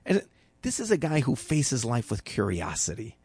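Gravelly man telling a casual story. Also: mid-range voice, huge pitch swings, moderate pace, a little mellow, dry recording. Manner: loose and conversational, full of fillers and restarts, acting out quotes. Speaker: storyteller sharing a life lesson.

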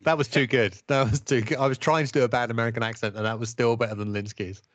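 A man co-hosting a podcast, talking in a wry, critical, measured way as he reviews episodes. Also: mid-range voice, steady tone. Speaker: podcast co-host. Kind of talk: casual review chat. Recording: dull, dry podcast audio.

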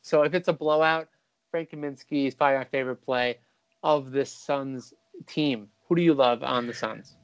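A man hosting a fantasy basketball podcast, talking casually and quickly with a few restarts. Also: mid-range voice, clean tone, no echo, dull audio. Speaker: podcast host.

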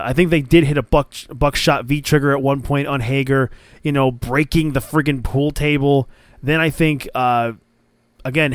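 A podcast host recaps a match in casual conversation, rambling through the play-by-play with eager enthusiasm. His medium-pitched voice is smooth, and the recording is dry.

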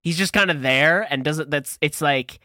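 A man's voice: a little high, normal speed, sharp tone, no echo, studio quality. A man co-hosting a podcast in casual, rambling chat, laughing often. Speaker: podcast co-host.

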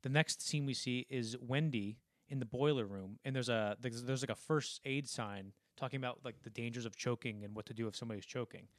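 Male podcast co-host, middle pitch, dry close sound, rambling scene-by-scene recaps. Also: no room sound. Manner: rambling, acts out film lines in quick impressions. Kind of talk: casual film discussion.

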